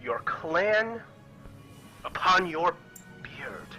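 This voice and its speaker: A man's voice: sits high, animated, extremely slow, bright, forceful tone, faint music behind, exaggerated voice, rough recording. A man voicing a bold, scheming female harper agent in a tabletop game, speaking in solemn, formal oaths. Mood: commanding.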